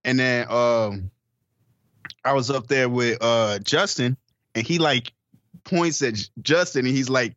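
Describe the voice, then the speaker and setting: A man's voice: mid-range voice, animated, unhurried, fairly bright tone, no echo, studio quality. A man co-hosting a podcast, telling a story in a casual chat with friends, acting out the people in it, swearing and laughing often. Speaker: podcast co-host.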